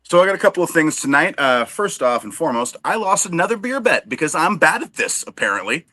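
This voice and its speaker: Joking guy cohost, bright voice, pitch jumping all over, dry close sound. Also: very animated, quick pace, no echo. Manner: wisecracking, self-deprecating. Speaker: podcast co-host. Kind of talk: casual banter show.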